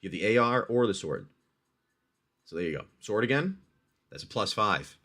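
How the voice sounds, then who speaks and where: On a livestream, a man with a lowish, very animated voice narrates a dice-rolled adventure game at a moderate pace. He talks the player, his "friend," through the rolls and reacts loudly when hits come.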